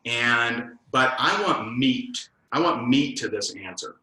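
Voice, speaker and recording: Animated man coaching with a bright voice. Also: mid-range voice, takes it slowly, reverberant, low-quality recording. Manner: animated storyteller, acts out both sides of conversations. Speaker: network marketing trainer. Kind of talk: casual coaching talk.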